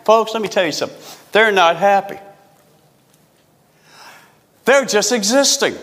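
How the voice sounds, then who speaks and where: High-voiced preaching man in a reverberant hall. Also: fairly bright tone. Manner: preaching with emphatic repetition, drawn-out phrases. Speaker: pastor. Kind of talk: sermon.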